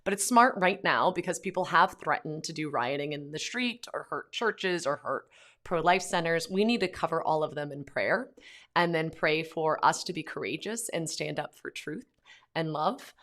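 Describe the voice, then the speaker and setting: Chatty woman with a lowish voice. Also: lively intonation, normal speed, a bit bright. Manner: chatty, lots of "like" and "um" fillers. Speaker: Catholic pro-life vlogger, mother. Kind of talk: casual vlog talk to camera.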